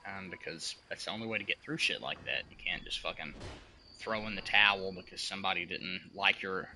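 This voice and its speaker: A young man with a fairly low but strikingly sharp, bright voice chats casually while streaming a game. He rambles through his story with lots of swearing and emphasis. Faint noise hangs behind him. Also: a little fast.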